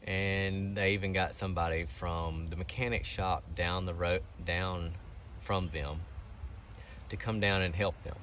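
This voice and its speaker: Low-voiced man telling a grievance. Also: fairly even intonation, measured pace, fairly bright tone, slight background noise. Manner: aggrieved, rambling storytelling with quoted exchanges. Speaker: car owner telling a repair story. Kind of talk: casual storytelling vlog.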